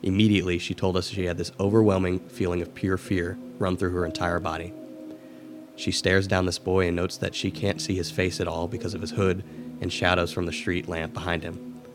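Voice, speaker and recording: A man co-hosting a podcast, reading a spooky story aloud in a steady, measured way. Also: sits low, over music. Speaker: podcast co-host.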